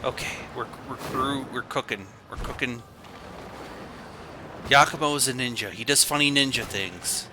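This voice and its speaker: A man's voice: medium pitch, normal speed, noisy background. A man streaming a game, chatting casually in a rambling, goofy way that keeps interrupting itself. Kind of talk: casual gaming commentary.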